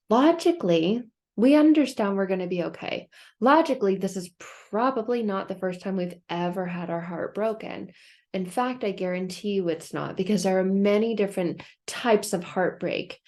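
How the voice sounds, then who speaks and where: A woman hosting a self-help video, telling a story in a playful, animated way and laughing often. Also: medium pitch. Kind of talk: casual advice talk to camera.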